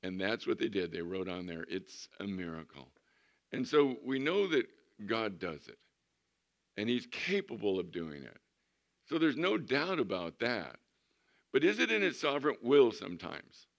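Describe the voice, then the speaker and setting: A male pastor telling a testimony story in a sermon, animated and acting out what people said. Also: fairly low pitch, measured pace.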